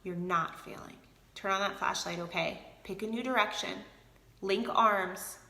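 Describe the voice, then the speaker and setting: A woman's voice: mid-range voice, a little slow, gravelly, bright, forceful tone, reverberant. A woman leading a sales team, chatting casually and energetically in a motivational live video, answering viewers by name. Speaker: team leader of a direct sales group.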